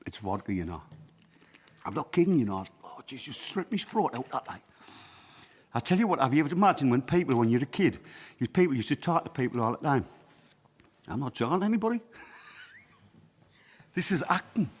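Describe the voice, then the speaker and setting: A man's voice: medium pitch, big pitch swings, a little fast, pauses often, slightly rough, long reverb tail. A man in his sixties with a Sunderland accent, a folk singer chatting in jokey broad dialect between songs at a small livestreamed venue. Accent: Sunderland (Mackem). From Sunderland, England. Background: acoustic guitar.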